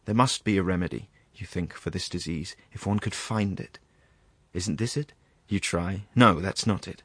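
A man's voice: low voice, normal speed, fairly bright tone, breathy edge, dry recording. A man reading the part of a rambling, embarrassed country doctor, hesitant and full of asides. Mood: rueful. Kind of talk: audiobook reading.

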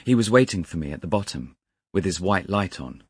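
A man narrating a classic story as an audiobook in a measured, deliberate manner. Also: low voice, big pitch swings, breathy edge, no echo, clean studio sound.

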